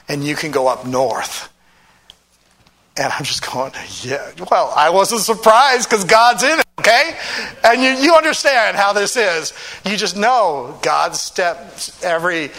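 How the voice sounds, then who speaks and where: Bright, animated male preacher telling a story. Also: a little high. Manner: animated storyteller, laughs often, acts out quoted voices. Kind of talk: sermon storytelling.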